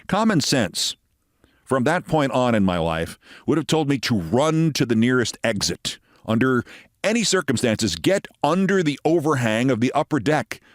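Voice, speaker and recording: A man's voice: mid-range voice, dry recording, clean studio sound. A man in his sixties, a show host, telling a personal story as a monologue with dramatic, emphatic delivery. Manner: dramatic, emphatic storytelling with sudden loud bursts.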